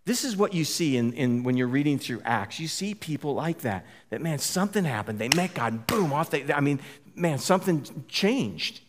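A man's voice: fairly high pitch, lively intonation, moderate pace. Man preaching in a chatty, searching way. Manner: informal, repeats words, asks the listeners questions. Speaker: pastor. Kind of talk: conversational sermon.

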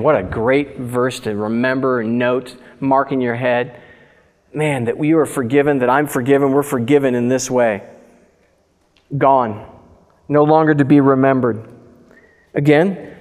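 A man's voice: medium pitch, a little mellow. A male pastor preaching a sermon, reading scripture aloud and breaking in with loose, conversational asides. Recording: reverberant hall.

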